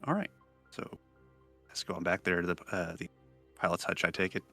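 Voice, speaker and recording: A man's voice: sits low, brisk, bright, forceful tone, faint music behind. A man acting as game master, narrating a tabletop game scene with frequent fillers and restarts.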